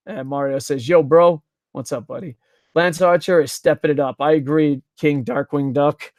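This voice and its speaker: A man's voice: on the high side, steady tone, normal speed, darkish tone, no echo, studio quality. Profane, rambling male stream commentator. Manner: rambling, profane, reads chat aloud. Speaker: wrestling review streamer. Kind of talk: casual live-stream commentary. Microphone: desk microphone.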